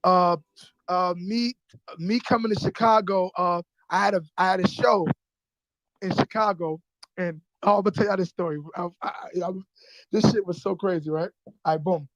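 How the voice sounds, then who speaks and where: A man's voice: high voice, fairly even intonation, normal speed, dry recording, rough recording. A man, a rapper guest who tells a story with energy, swears freely and acts out the other voices. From New York. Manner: streetwise, profane, acts out voices in his stories. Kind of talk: animated storytelling.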